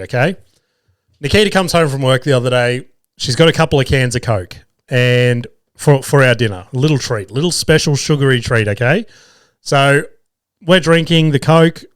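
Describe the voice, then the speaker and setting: In a mid-range voice, this Australian host recounts a family story in a relaxed way, full of swearing and laughter; he has two young sons. The sound is clean studio audio with no room tone.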